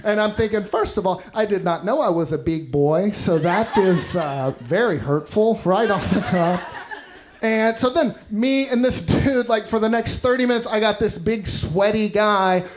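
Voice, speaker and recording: Wry self-deprecating stand-up comic. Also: male voice, sits high, moderate pace. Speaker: stand-up comedian. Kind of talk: stand-up comedy set. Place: comedy club stage. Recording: noisy live stage recording.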